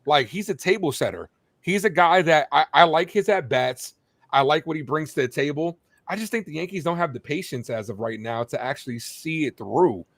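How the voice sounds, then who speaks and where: A man's voice: a little high, expressive, brisk, fairly bright tone, no echo. Fired-up baseball fan man, dry sound. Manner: fired-up, rambling fan talk. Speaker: play-by-play streamer and co-host. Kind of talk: casual sports podcast chat.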